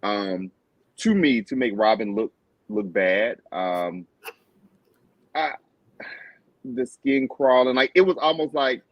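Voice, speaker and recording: A man's voice: medium pitch, expressive, slow pace, long pauses, no room sound, lo-fi sound. A man on a review panel chatting about a reality episode in an amused, chatty way. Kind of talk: casual show recap chat.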